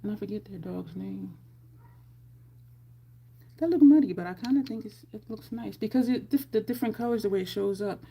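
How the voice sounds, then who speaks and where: A woman's voice: mid-range voice, brisk, gravelly, long pauses, dark tone, slightly rough. A woman chatting casually through a makeup tutorial at home, rambling into side stories as she goes. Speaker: makeup vlogger.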